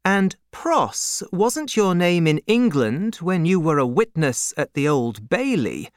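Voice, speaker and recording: A woman's voice: lowish voice, sing-song, slow, dry recording, clean studio sound, voice pushed up. Woman doing a blunt questioning manservant. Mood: probing. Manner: pointed, questioning.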